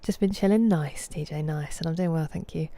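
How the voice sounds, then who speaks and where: A woman's voice: low voice, fairly quick, mellow, no room sound. A British woman streaming a game, chatting casually and greeting her viewers by name. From Britain. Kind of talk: casual chat with viewers while gaming.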